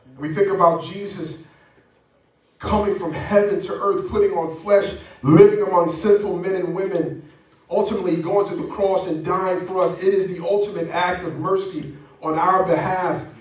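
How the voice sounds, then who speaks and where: High-voiced man preaching hard, big echoey church, mic sounds far off. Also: fairly even intonation, normal speed. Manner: fervent preaching with call-and-response from the congregation. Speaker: pastor. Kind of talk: sermon. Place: church sanctuary.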